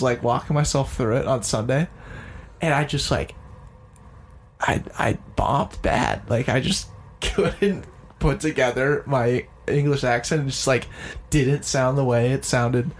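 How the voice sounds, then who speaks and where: A man's voice: mid-range voice, unhurried, a little hiss or hum. A young man co-hosting a podcast, telling stories in a joking, self-mocking way. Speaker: podcast co-host. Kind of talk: casual chat.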